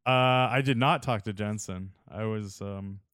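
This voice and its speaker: A man's voice: fairly low pitch, a little slow, a bit bright, smooth, dry recording, studio quality. A young man telling stories in a casual chat, laid-back, full of "like" and "dude".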